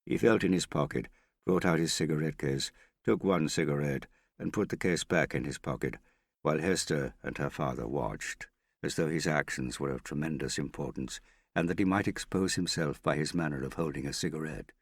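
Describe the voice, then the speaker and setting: A man reading a novel aloud as narrator, in a measured, even storytelling manner. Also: very deep voice, no room sound, studio quality. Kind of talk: audiobook narration.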